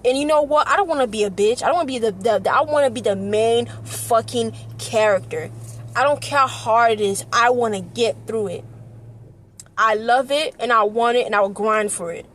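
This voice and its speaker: A young woman with a fairly high voice talks straight to the camera in an earnest, passionate vlog, circling back over the same words again and again. A faint hum of ambience and passing traffic sits behind her. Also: moderate pace. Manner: earnest, passionate, repetitive, tearful at times. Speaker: vlogger. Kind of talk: emotional personal vlog.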